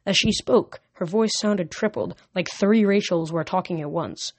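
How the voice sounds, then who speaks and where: Lady reading a novel out loud, lowish voice, dead dry sound, a few stumbles. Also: no room sound. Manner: slow, steady reading with small slips. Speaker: audiobook reader.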